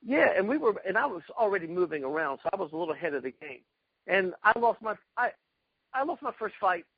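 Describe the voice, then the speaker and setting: A man being interviewed, telling excited stories about past fights and acting out quotes. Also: high voice, quick pace, slightly rough, dry recording, highs cut off. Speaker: guest, karate fighter. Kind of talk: animated storytelling interview.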